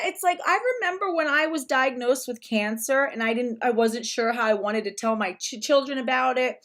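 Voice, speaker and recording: A woman's voice: a little high, normal speed, few pauses, a bit bright. A woman speaking in a casual commentary vlog, rambling along with frequent restarts. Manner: rambling, with many restarts and fillers.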